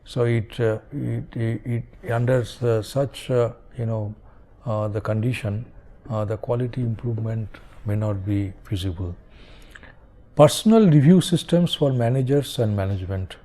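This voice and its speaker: Hesitant male lecturer, mellow voice. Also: medium pitch, normal speed. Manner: hesitant, many fillers and checks like "is it okay?". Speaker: university lecturer. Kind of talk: recorded classroom lecture.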